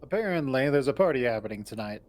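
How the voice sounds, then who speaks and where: A man's voice: medium pitch, animated, fast. A man narrating a visual novel in the first person and voicing its lead, in a wry storytelling manner.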